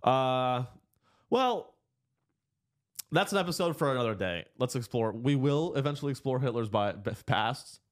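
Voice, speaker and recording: A young man hosts a loose, joking podcast chat in a mid-pitched voice. He laughs a lot and jumps up high and squeaky whenever he wants a point to land. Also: normal speed. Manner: jokey, animated, laughs often, high squeaky bits for emphasis. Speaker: podcast host. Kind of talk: casual chat.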